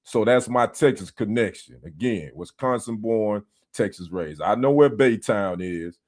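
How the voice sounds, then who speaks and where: A man's voice: lowish voice, unhurried, darkish tone. A man from the United States hosting a casual sports livestream, greeting viewers by name and trading teasing banter with the chat. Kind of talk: casual live-stream chat. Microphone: streaming setup.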